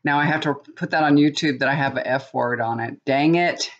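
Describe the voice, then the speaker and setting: A woman's voice: low voice, a little fast, dull audio. A middle-aged woman, chatting casually to her viewers and telling a story, often repeating phrases for emphasis. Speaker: tarot reader and vlogger. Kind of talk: casual chat to camera.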